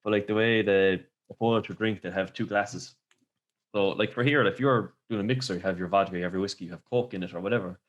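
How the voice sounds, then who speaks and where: A man's voice: on the low side, steady tone, fast, highs cut off. A man hosting a podcast, telling rambling stories in casual chat and laughing often. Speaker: podcast host.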